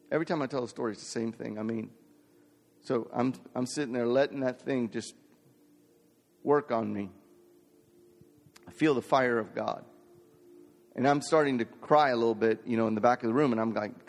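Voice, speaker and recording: A man preaching a sermon and telling a personal story, building to fervent preaching. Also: medium pitch. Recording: long hall reverb.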